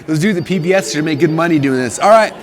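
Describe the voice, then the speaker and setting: A man in his thirties hosting a live stream, telling his story in a casual, eager, excitable way. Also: fairly high pitch, crowd noise. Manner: eager, excitable, talks in rapid bursts.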